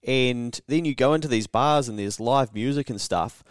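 A young man from New Zealand with a New Zealand accent, co-hosting a podcast and telling travel stories in a casual, animated way, swearing freely and acting out the voices of people he quotes. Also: medium pitch, normal speed, no room sound, clean studio sound. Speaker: podcast co-host. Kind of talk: casual storytelling chat.

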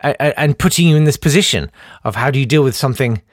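A man's voice: medium pitch, fast talker, no echo, clean studio sound. A young man rambling through comic anecdotes, often interrupting himself and laughing at his own stories. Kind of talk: anecdotal storytelling.

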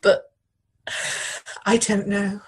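Sad middle aged woman in an interview, husky voice, keeps stopping and repeating words. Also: medium pitch, little pitch movement, poor audio. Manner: halting, grieving, repeats phrases. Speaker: interviewee, bereaved widow. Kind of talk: emotional news interview.

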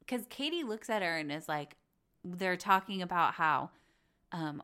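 A woman's voice: fairly low pitch, pushed and bright, clean tone. Chatty woman podcaster, blunt and candid. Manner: chatty, blunt, swears freely, acts out quotes. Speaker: podcast host. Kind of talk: casual gossip commentary.

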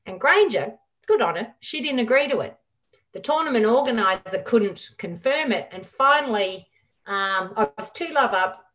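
A middle-aged woman, a guest on an interview show, telling a lively story full of quoted dialogue. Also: on the high side, normal speed. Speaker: guest, former squash champion.

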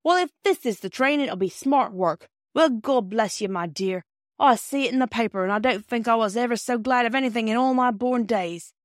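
A woman's voice: on the high side, moderate pace, no echo, studio quality, close to an everyday voice. A woman reading a kindly working-class male railway porter, eager and anxious to please, in an audiobook. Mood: delighted.

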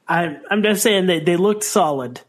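A man in his thirties with a fairly high voice trades jokes through a casual wrestling chat. He is playful and keeps slipping into silly put-on accents. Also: normal speed. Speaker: podcast co-host.

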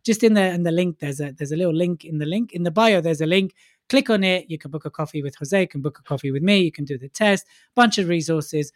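A man's voice: on the high side, fast talker, no echo, studio quality. A man co-hosting a casual podcast, chatty and jokey, poking fun at himself. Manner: jokey, chatty, self-mocking. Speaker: podcast co-host.

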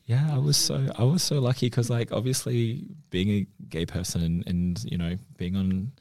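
Deep, gravelly man. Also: steady tone, normal speed, dark tone, no room sound, clean studio sound. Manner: open, emotional storytelling. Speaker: guest. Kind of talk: casual conversation.

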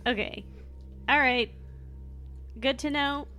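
A woman's voice: high-pitched, slow pace, sharp tone, soft background music. A woman playing a tabletop game, talking through her character's actions in a hesitant, giggly way. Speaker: player.

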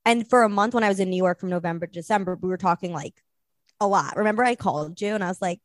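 A woman's voice: medium pitch, fast, dry recording. Young woman rambling thru a dating story, mid voice, dry room. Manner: rambling storyteller, acts out quotes. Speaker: podcast guest. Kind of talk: casual chat.

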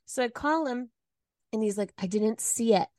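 A woman co-hosting a podcast tells a story in casual chat, acting out the quotes with big swings in her voice. She speaks at normal speed in a highish voice, recorded dry with studio quality.

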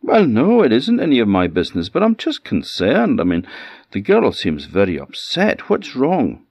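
A man's voice: medium pitch, wildly swooping pitch, normal speed, a little mellow, no room sound, voice pushed up. A storyteller with a Scottish Orkney accent voicing a kind, concerned young man in an earnest, pleading tone.

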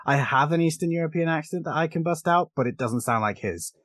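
A British man hosting a podcast, talking casually about a film with quick asides and frequent laughs. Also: a little high, lively intonation, fairly bright tone, no room sound. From Britain. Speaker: podcast host.

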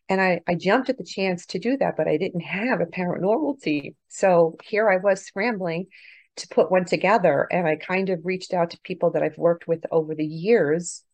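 A middle-aged woman with a low, gravelly voice tells a personal story as a podcast guest. She shifts from hushed, earnest passages to bursts of excitement. The sound is dry and close. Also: no echo. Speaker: guest, author and paranormal investigator.

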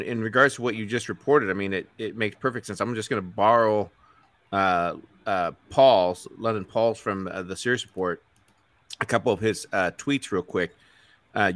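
Male co-host, lowish voice, dry close sound, rattles off economic figures. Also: bright, forceful tone, dry recording. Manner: reads out economic figures quickly, with filler uhs. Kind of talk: casual market talk show.

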